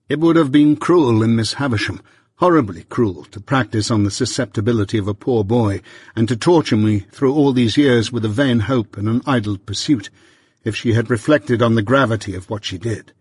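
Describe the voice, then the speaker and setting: Man, audiobook narrator, husky voice, dry close sound, measured earnest reading. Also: lowish voice, a little mellow, no echo. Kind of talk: first-person novel narration.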